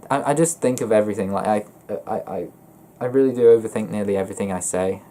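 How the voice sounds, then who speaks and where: A young man vlogging about his feelings in a flat, monotone voice, hesitant and often stopping to correct himself. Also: lowish voice, a little hiss or hum. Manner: hesitant, halting and self-correcting. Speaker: gaming YouTuber. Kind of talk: personal confessional vlog.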